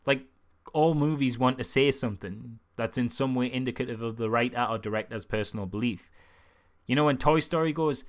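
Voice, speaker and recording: A man's voice: mid-range voice, fairly quick. Sarcastic young male film reviewer. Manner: sarcastic, animated jokey asides. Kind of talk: casual comedic film review.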